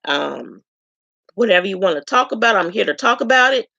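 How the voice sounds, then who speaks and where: Woman from Chicago, frank casual self-introduction, gravelly voice, dry muffled recording. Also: mid-range voice, expressive, a little fast, bright, forceful tone, dry recording. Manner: frank and open, chatty, with many ums. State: tearful at times. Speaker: vlogger introducing herself.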